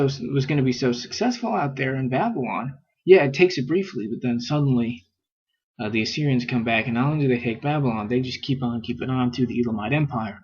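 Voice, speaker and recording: A man's voice: medium pitch, husky, dull audio. A man giving a casual scripture lesson, thinking aloud with fillers and reading passages aloud. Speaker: scripture teacher.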